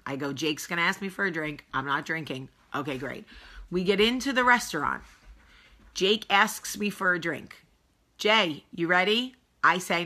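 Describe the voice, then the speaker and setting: Sassy, bright-voiced woman telling a story. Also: medium pitch. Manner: animated storytelling, blunt and sassy. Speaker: host. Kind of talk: casual vlog monologue.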